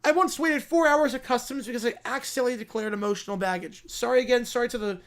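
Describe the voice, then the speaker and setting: A man's voice: very high-pitched, fast talker. A bumbling Canadian lawyer, put on by a man stumbles through his words. He stammers, repeats himself and apologizes to everyone in sight. His voice is jittery and eager in a comedy courtroom skit. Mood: flustered.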